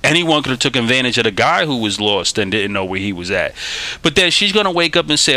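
A man hosting a recovery podcast, telling a story in a casual, animated way and acting out the dialogue with streetwise slang. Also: mid-range voice, fast. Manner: animated, acts out quoted dialogue; streetwise slang, says "yo" and "y'all". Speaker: podcast host. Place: New York City.

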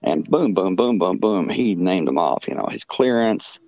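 Deep-voiced man telling a halting story. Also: expressive, vocal fry, a little mellow, no echo, dull audio. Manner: halting, full of "you know" fillers and restarts. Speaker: podcast guest. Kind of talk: casual storytelling.

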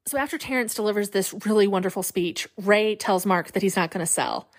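A woman's voice: mid-range voice, brisk. A woman podcast host casually retelling a movie scene by scene, acting out the characters' lines with feeling. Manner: animated retelling, acts out quotes, laughs.

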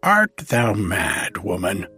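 A harsh old fairy woman with a cold, merciless voice, sneering and unhurried, as a male storyteller puts her on. Her tone is low and husky, spoken slowly. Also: expressive, fairly bright tone, soft background music, full character voice. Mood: contemptuous. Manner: contemptuous, merciless.

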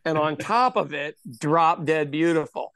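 A man from Oklahoma, a former stand-up comic, telling stories in a casual, animated chat with frequent swearing. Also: a little high, smooth, no room sound, clean studio sound. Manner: animated storyteller, swearing, quick asides.

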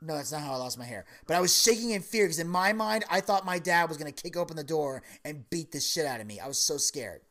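Animated, loud-bursting woman telling stories. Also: quick pace, hardly any pauses. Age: 30s. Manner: animated, profane, high loud outbursts. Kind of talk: casual chat, storytelling.

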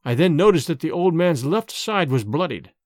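Expressive male storyteller, lively pitch. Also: moderate pace, no room sound. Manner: expressive, old-fashioned storytelling. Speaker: narrator. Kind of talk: dramatic storybook reading. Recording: dry close recording with faint music.

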